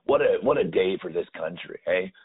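A man's voice: low-pitched, animated, fairly quick, husky. A man, a sports superfan guest, telling stories in a rambling, emotional way full of "you know". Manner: emotional, rambling, heavy with 'you know'. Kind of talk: casual storytelling interview. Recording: phone-like remote audio.

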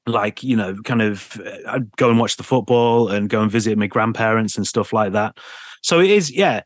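A man from England, a radio presenter, telling lively anecdotes in a casual podcast interview and laughing often. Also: on the low side, moderate pace, dry recording.

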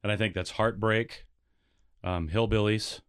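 A man with a low, smooth and resonant voice talks easily about his songwriting as a guest on a radio show. He sounds thoughtful and modest, and the recording is dry and close. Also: fairly even intonation, unhurried, no echo. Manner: easygoing, thoughtful, self-deprecating. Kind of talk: casual interview chat.

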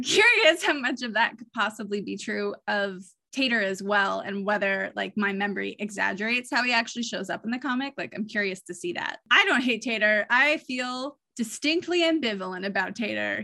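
A woman's voice: on the high side, sharp tone. A woman co-hosting a podcast in casual discussion, chatty and prone to tangents, laughing at herself. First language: bilingual, speaks another language. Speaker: podcast co-host.

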